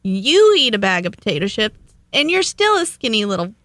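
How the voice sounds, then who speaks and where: A woman's voice: mid-range voice, big pitch swings, fairly quick, fairly bright tone, no echo, studio quality. A mother co-hosting a podcast in casual chat, supportive and teasing, laughing often. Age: adult with children. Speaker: podcast co-host.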